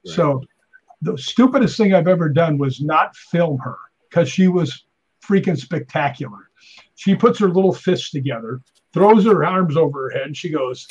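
A middle-aged man, a stuntman and paranormal investigator, telling animated stories in casual chat and acting out voices. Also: on the high side, normal speed, slightly rough, dull audio.

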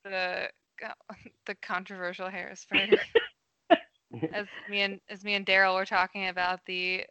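A woman's voice: medium pitch, flat delivery, unhurried, bright, forceful tone, muffled recording. A young woman, the show's associate producer, chatting casually on radio with lots of laughter and filler words. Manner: giggly, rambling, uses like and um. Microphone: studio microphone.

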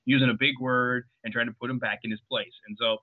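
A man's voice: mid-range voice, little pitch movement, quick pace. A man guest on a podcast, explaining points at length in casual film talk and acting out short quotes. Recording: tinny phone-like line.

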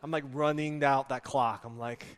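A man in his thirties preaching a sermon, telling humorous stories about his family in an animated way, recorded in an echoey church hall. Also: mid-range voice, moderate pace, smooth. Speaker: pastor.

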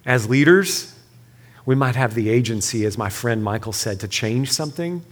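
A man giving a sermon-style session, telling a personal story and then leading a quiet, earnest prayer. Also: medium pitch, expressive, moderate pace. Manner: earnest storytelling, drops to soft hushed prayer. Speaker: speaker leading a church session.

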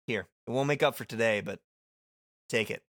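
A man's voice: mid-range voice, normal speed, fairly bright tone, no echo, studio quality, pitched below the performer's own voice. A man voicing a blunt, cool-headed young woman, reading game lines on a podcast. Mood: matter-of-fact.

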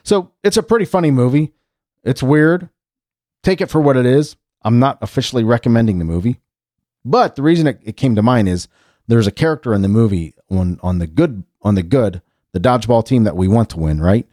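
A man's voice: medium pitch, expressive, a little fast, warm tone, no echo, clean studio sound. A man hosting a casual solo show, chatting in a rambling way with frequent restarts and asides. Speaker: podcast host.

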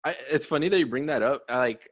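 A man's voice: a little high, quick pace, crowd noise. A young man hosting a casual conversation, chatty with many fillers and frequent laughter.

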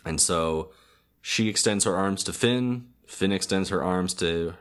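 A man's voice: sits low, unhurried, fairly bright tone. A man co-hosting a podcast, casually recapping a cartoon episode in a rambling, hesitant way, full of ums and self-corrections. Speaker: podcast co-host.

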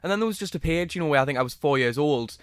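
Fast-talking man telling a story. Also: on the high side, animated, smooth, dry recording, studio quality. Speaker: guest. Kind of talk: personal storytelling.

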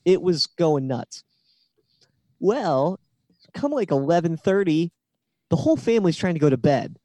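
A man's voice: on the high side, very animated, measured pace, mellow, dry recording. A man in his thirties co-hosting a podcast, telling a story with lots of build-up in casual chat. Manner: chatty storyteller with long build-ups. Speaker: podcast co-host.

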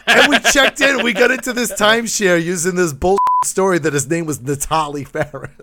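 This Massachusetts man has a high-pitched voice and speaks at a moderate pace. He spins an animated, funny story on a podcast in a casual way, voicing the other people in it and frequently breaking into laughter.

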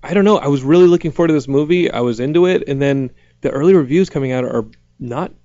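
A man in his late thirties hosting a podcast in casual chat, animated, with quick squeaky acted-out asides. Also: no echo, lo-fi sound. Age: late 30s. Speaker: podcast host. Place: studio.

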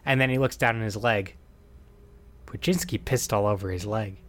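A man's voice: fairly low pitch, moderate pace, a bit bright. A man co-hosting a casual podcast, animatedly retelling a film's plot, acting out quoted lines and laughing often. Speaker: podcast co-host recapping a film. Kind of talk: casual chat.

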